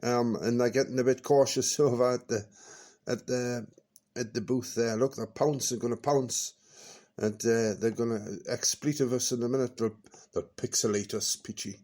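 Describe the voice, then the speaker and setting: A man's voice: medium pitch, fairly even intonation, normal speed, darkish tone. A man hosting a comic radio show, teasing his guest playfully and laughing along.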